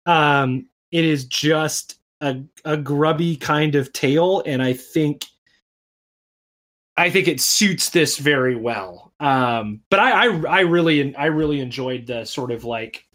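A man's voice: fairly high pitch, takes it slowly, fairly bright tone. A man casually talking through a comic with friends, rambling with many restarts and fillers. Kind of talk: casual chat reviewing a comic.

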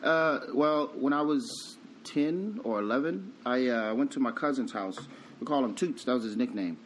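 A man's voice: mid-range voice, normal speed, poor audio. Podcast guest guy, voice all over the place, laughs a lot, faint noise behind. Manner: animated, laughs often. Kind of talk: casual chat.

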